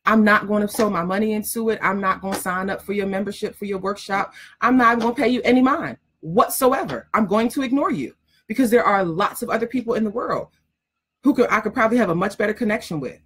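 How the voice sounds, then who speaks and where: Woman writing coach, husky tone, mid pitch, blunt and emphatic teaching style. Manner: emphatic, repetitive, frank, laughs often. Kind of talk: casual direct teaching talk.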